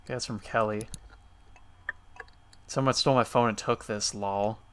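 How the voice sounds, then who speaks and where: A man's voice: mid-range voice, steady tone, measured pace, pauses often, a bit bright, a little hiss or hum. A man streaming a game, reading its messages aloud in an easygoing running commentary.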